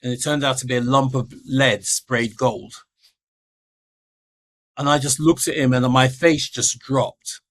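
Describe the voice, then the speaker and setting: Middle-aged man, animated storyteller, mid-pitch, acts out quoted voices. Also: a little slow, long pauses. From England. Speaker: guest. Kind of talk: storytelling in a podcast interview.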